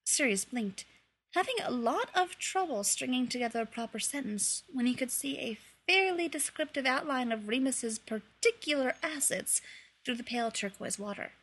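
A woman reads fan fiction aloud, carrying the narration with lively expression. Her voice is husky and breathy at the edges. It sits a little higher than usual. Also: moderate pace. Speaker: reader.

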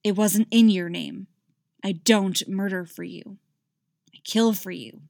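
A young swordswoman who answers back flatly and without apology, voiced by the woman reading. The voice is mid-pitched and recorded dry and close. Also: takes it slowly, vocal fry, no echo. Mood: defiant.

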